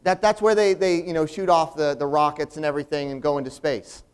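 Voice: medium pitch, steady tone, a little fast, clear, resonant tone. A performer playing the earnest straight man in a comedy routine, patiently explaining things with stammering restarts.

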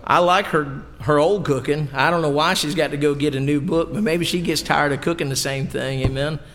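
A man preaches in a folksy, emphatic way, spinning homey asides about his wife's cooking into the message. His voice sits fairly high and carries a gravelly fry. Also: fairly even intonation, brisk, fairly bright tone, long reverb tail, slight background noise. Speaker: pastor. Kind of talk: sermon. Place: church sanctuary.

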